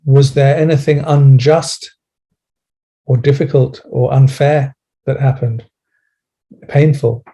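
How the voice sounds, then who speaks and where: Man, British accent, mellow warm tone, gentle coaxing manner, podcast guest. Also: mid-range voice, steady tone, takes it slowly, pauses often. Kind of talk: podcast conversation.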